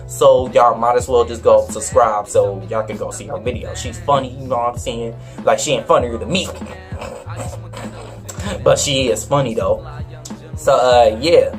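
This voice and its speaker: Young man, slangy storyteller, mid pitch, soft music underneath. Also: fairly even intonation, normal speed. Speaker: vlogger. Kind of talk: storytime vlog.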